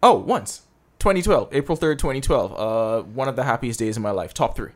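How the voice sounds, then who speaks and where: A man in casual sports chat, talking in an animated, exasperated and playful way. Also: mid-range voice, fairly quick. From Bahamas.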